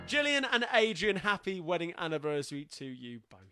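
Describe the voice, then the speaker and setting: Cockney man, sing-along host, chatty and cheery, high voice, guitar strumming loud behind. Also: sing-song, fairly quick. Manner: chatty, cheery, reads out requests. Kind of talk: live-streamed chat between songs. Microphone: home live-stream mic.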